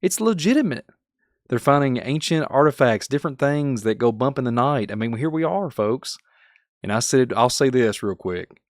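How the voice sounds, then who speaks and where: Brief: male podcast host, animated, folksy, dry close sound. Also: mid-range voice, normal speed, no room sound. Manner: animated, folksy, talks straight to the audience. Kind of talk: excited conspiracy podcast commentary.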